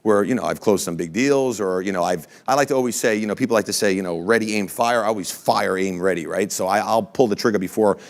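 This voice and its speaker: A man, a company founder, telling blunt, energetic motivational stories to a live audience and swearing casually. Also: on the low side, quick pace, hardly any pauses. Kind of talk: motivational storytelling talk.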